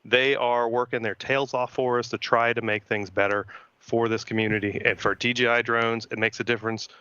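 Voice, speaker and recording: A man's voice: medium pitch, a little fast, smooth, dry recording, highs cut off. A man on a live stream panel, telling drone stories with animation and urging viewers to get involved. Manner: animated storyteller, urges viewers to act.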